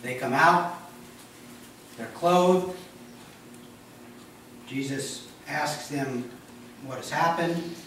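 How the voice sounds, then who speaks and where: A man's voice: fairly high pitch, drawn-out words, long pauses, a little hiss or hum. Male pastor preaching in an echoey hall. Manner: animated, joking, conversational. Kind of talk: sermon. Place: church sanctuary. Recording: echoey church hall from a distance.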